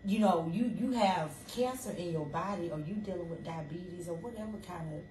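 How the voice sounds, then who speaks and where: A woman's voice: fairly low pitch, normal speed, darkish tone. A woman co-hosting a casual faith talk, conversational and restarting her sentences often. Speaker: co-host. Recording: roomy, distant mic, faint noise.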